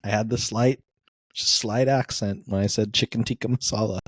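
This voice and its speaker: A man's voice: fairly low pitch, fairly even intonation, moderate pace, breathy edge, no room sound, studio quality. A man co-hosting a film review podcast, telling chatty, self-deprecating stories. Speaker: podcast co-host. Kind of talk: casual film review chat.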